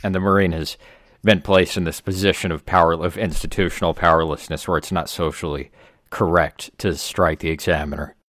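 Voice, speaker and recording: Comedy podcast co-host, deep-voiced man, dry and deadpan, rambling tales. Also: no echo. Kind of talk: casual comedy podcast chat.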